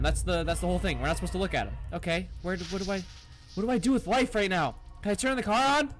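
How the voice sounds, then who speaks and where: Casting: male gamer with a high voice, horror let's play, nervous muttering with outbursts, some faint background music. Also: fast. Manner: jumpy and excitable, swearing, yelling at the game; mutters to himself, reads on-screen text aloud. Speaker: gaming YouTuber.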